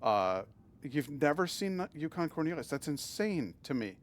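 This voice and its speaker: A man's voice: a little high, sing-song, measured pace, slight background noise. Chatty man streaming, restarting sentences. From Massachusetts, USA. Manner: chatty, often restarts and stammers, reads and answers chat. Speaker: game streamer. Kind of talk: casual live-stream chat while gaming.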